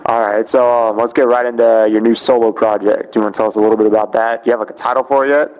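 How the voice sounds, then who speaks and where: A male radio host asking relaxed, casual questions in an interview. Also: medium pitch, rapid-fire, heavy background noise. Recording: muffled radio.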